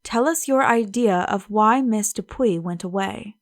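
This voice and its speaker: A woman voicing an impatient young gentleman detective with a brisk, sardonic manner, in an audiobook. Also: medium pitch, no echo, clean studio sound, lightly acted. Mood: urgent.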